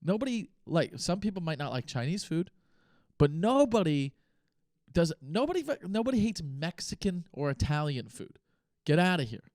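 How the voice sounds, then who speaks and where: A man's voice: fairly high pitch, very animated, a little mellow, dry recording, studio quality. Rambling man podcasting solo. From United States. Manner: rambling, thinks aloud with pauses and restarts. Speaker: podcast host. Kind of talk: casual solo podcast talk.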